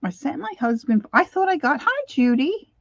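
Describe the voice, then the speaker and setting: A woman's voice: high voice, very animated, moderate pace, muffled recording. An older woman hosting a crafting livestream, chatting casually and greeting viewers by name as she works.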